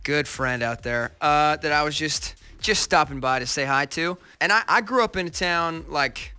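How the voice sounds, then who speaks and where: A man's voice: on the high side, moderate pace, sharp tone, smooth, soft background music. A young American man, a guest on a radio show, chatting eagerly and rambling with lots of self-corrections. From United States. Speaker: guest musician. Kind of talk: casual radio interview chat.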